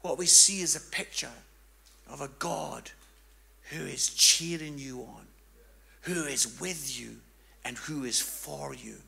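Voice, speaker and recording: A man preaching a sermon, telling a story and swinging from hushed tones to loud, fervent passages. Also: mid-range voice, takes it slowly, gravelly, long pauses.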